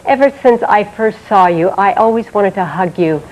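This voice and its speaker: A woman from Indiana, a talk show guest chatting casually and telling an animated story, acting out what people said. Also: mid-range voice, normal speed. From Indiana, USA. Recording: dull TV broadcast with hiss.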